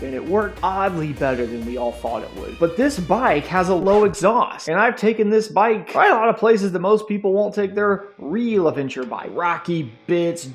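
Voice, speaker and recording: Young male vlogger, dry sarcastic delivery, slightly high voice, faint music under. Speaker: motorcycle vlogger. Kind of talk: sarcastic casual vlog talk.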